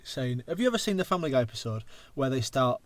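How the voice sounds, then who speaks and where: An English man in his thirties hosts a loose podcast chat, wandering from tangent to tangent and swearing freely. His voice sits at a middle pitch. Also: big pitch swings, fast, no echo. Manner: rambling, goes off on tangents, swears a lot. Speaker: podcast host. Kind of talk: casual chat.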